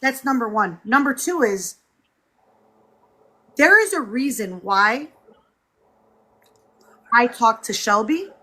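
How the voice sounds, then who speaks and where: A woman hosting a livestream, talking in a heated, animated way to her viewers and swearing freely. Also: on the high side, slow pace, long pauses. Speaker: livestream host. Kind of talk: heated casual livestream talk.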